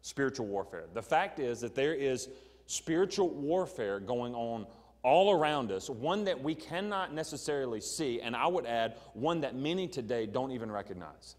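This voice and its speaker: A man's voice: medium pitch, lively intonation, normal speed, long reverb tail. A middle-aged man with a Southern American accent, a pastor teaching an evening Bible sermon in a conversational way, asking the congregation questions and using frequent ums. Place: church sanctuary.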